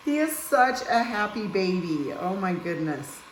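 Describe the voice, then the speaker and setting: A woman's voice: mid-range voice, sing-song, takes it slowly, a little hiss or hum. A woman hairstylist giving a casual haircut tutorial, chatting and cooing in baby talk to a toddler as she works. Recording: roomy room echo.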